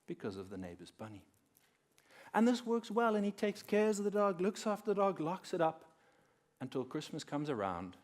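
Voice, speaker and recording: A young adult man telling a story to an audience at a workshop, animated and acting out the characters as he speaks. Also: a little high. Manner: animated, acting out quoted characters with big swings in loudness. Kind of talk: lively storytelling talk to an audience. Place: conference room.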